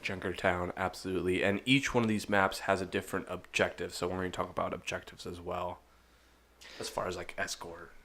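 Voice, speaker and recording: Low-voiced man hosting an esports chat. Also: a little fast. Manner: relaxed, chatty, many fillers. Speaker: podcast host.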